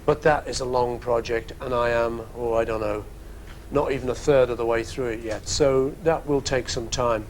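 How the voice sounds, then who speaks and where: A man's voice: mid-range voice, fairly even intonation, moderate pace, a little hiss or hum. A man hosting a music program from a studio, answering listener questions in a rambling, jokey, casual way. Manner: rambling and jokey, with playful asides. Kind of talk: casual chat.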